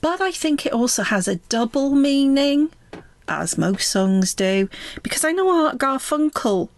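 A woman chats her way through a favourite album in a relaxed, rambling spoken review. She speaks slowly and takes her time with each thought. The sound is close and dry, with no room echo. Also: sits high. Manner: relaxed and chatty, with frequent ums and laughs. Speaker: music reviewer.

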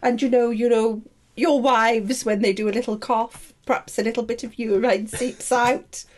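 A woman's voice: on the high side, fairly even intonation, normal speed, darkish tone. A middle-aged woman co-hosting a podcast in casual chat, bawdy and teasing. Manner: bawdy, teasing, bursts into silly put-on voices. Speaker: podcast co-host.

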